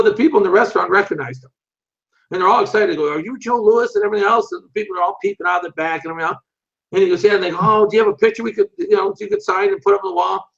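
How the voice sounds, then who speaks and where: An older man telling lively, animated anecdotes as an interview guest, acting out other people's voices and swearing freely. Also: high voice, creaky. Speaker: interview guest, martial arts instructor. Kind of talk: casual storytelling. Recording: muffled lo-fi recording.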